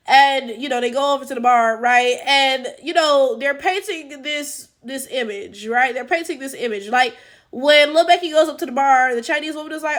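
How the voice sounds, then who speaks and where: Woman reaction host, high voice, blunt and profane, incredulous, rhetorical questions. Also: fairly quick, a bit bright. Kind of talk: casual reaction commentary.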